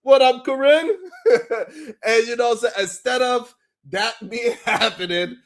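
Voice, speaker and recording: A man's voice: extremely high pitch, slow, a bit bright. A man hosting a live stream, chatting casually, laughing often and greeting viewers by name as he talks.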